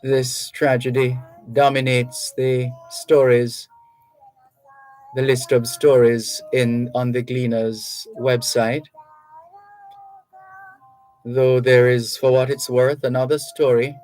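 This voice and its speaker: Slow-spoken radio host. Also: male voice, mid-range voice, level tone, a little mellow, soft background music, rough recording. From Jamaica. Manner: reads listener messages aloud, measured and reflective. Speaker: radio talk show host. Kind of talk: radio talk show. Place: radio studio. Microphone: studio microphone.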